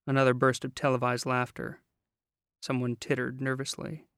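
A man narrating a novel in a measured, wry way, close to the mic. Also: mid-range voice, level tone, creaky, fairly bright tone, clean tone, no room sound. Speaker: audiobook narrator. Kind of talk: scripted narration.

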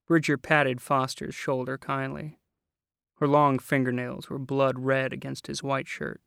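A man narrating a novel in a measured, wry way, close to the mic. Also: medium pitch, monotone, gravelly, fairly bright tone, clear, resonant tone, no echo. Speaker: audiobook narrator. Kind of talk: scripted narration.

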